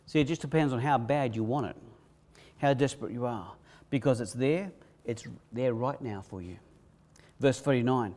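A male pastor, preaching a sermon with emphatic repetition, swinging between loud bursts and quiet hushes. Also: medium pitch, lively intonation, moderate pace. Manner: preaching with rising, emphatic repetition and sudden drops to a hush.

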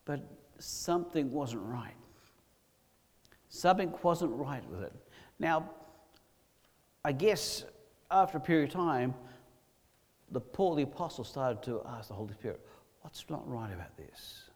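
A man preaching a sermon, swinging from loud emphatic lines to low quiet ones. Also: animated, a little slow, long pauses, big-room sound.

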